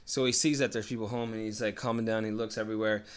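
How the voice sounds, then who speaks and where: A man's voice: lowish voice, little pitch movement, quick pace, clean tone. A man telling a long story in casual chat, swearing constantly, rambling and acting out what people said. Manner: profane, rambling, acts out quoted lines.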